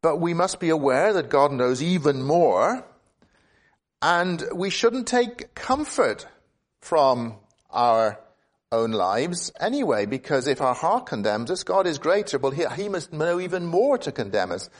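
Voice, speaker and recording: A man preaching an expository sermon, earnest, often restarting and repeating words as he thinks aloud, with sudden upward jumps of pitch for emphasis. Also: very animated, measured pace.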